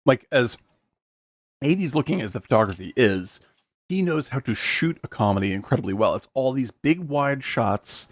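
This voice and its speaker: Animated man breaking into character voices. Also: mid-range voice, moderate pace, no room sound. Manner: animated, acts out film scenes in put-on voices, laughs often. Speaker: podcast co-host. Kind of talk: casual film discussion.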